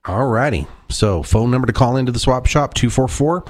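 A man's voice: mid-range voice, lively intonation, fairly quick, slight background noise. A man hosting a local call-in radio show, chatty and rambling, correcting himself as he goes. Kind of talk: casual radio talk. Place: radio studio.

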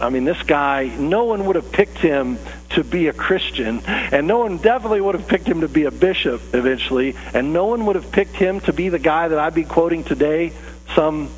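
A man preaching a sermon and telling a story in a relaxed, conversational way, with fillers and restarts. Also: fairly high pitch. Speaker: pastor. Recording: long reverb with faint hum.

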